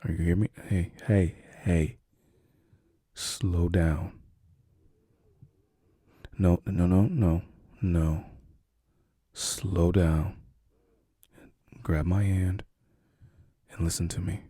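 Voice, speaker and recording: A man speaking softly and soothingly as a caring boyfriend in a whispered role-play. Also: low voice, fairly even intonation, husky, dry recording, studio quality. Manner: soft, slow, soothing reassurance.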